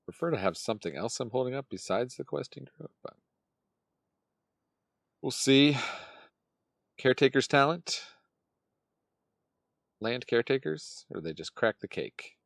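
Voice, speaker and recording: A man's voice: mid-range voice, lively intonation, measured pace, gravelly, long pauses, a bit bright, no room sound. A man giving casual gameplay commentary as a channel host, muttering his thoughts aloud while he plays.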